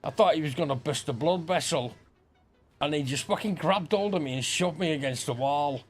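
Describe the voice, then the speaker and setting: While playing a game, a middle-aged man streaming online tells rambling, profanity-laced stories from his school days. He speaks at a moderate pace with a fairly high pitch.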